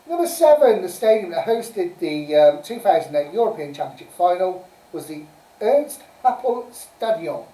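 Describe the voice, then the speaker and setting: A woman's voice: fairly low pitch, lively intonation, moderate pace, warm tone. Chatty woman hosting a live quiz, roomy and distant. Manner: chatty, giggly, reads answers and scores aloud. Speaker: quiz host. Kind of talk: casual live-stream pub quiz. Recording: roomy sound from a distant mic.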